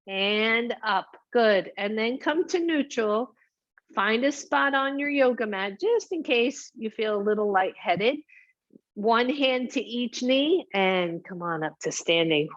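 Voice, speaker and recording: Slow, encouraging woman yoga teacher. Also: fairly high pitch, no room sound, dull audio. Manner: upbeat, encouraging cues with playful asides and laughs. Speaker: yoga instructor. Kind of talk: guided yoga class instruction.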